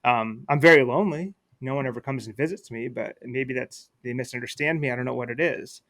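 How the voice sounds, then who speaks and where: A man voicing a big, lonely, friendly whale in a spoken children's story, in a gentle storytelling voice. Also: mid-range voice, a little fast, close to an everyday voice.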